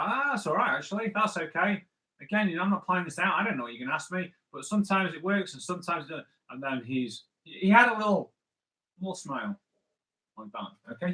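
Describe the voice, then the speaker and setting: Bright-voiced man drawing live. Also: on the high side, low-quality recording. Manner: playful, thinking aloud while drawing, chatty with viewers. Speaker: comic artist host. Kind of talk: live drawing stream, casual talk.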